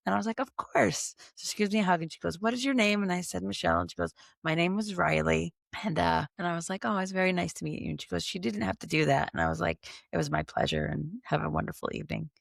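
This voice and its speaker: A middle-aged woman co-hosting a podcast, chatting casually with a gravelly edge of vocal fry. She tells her story by acting out both sides of the conversation. Her voice is close to the mic in a dry, dead room. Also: fairly low pitch, lively intonation, fast talker, hardly any pauses, no echo. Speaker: podcast co-host. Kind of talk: casual chat.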